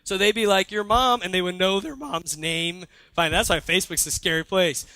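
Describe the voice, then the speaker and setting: A young man preaching a sermon, retelling a story with lively asides and quoted lines. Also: high-pitched, normal speed, no room sound. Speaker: pastor. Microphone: handheld or stage mic.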